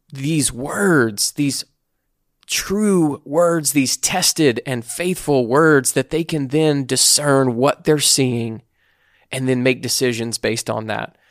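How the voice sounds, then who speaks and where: A man co-hosting a casual podcast, giving earnest, reflective faith advice at a slow, searching pace. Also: mid-range voice, no echo, studio quality. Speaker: podcast co-host.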